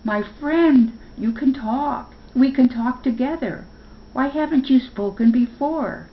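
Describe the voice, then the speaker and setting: A woman's voice: high-pitched, slow, muffled recording, voice pushed up. An older woman reading a storybook aloud, putting on the voice of a shy, kind young boy. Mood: amazed.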